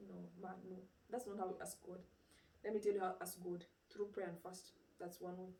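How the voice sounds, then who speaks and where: This female preacher has a lowish voice and a fairly quick delivery, caught on a distant mic with roomy acoustics and slight background noise. She gives an informal sermon, animatedly retelling a story through rhetorical questions and many "you know"s.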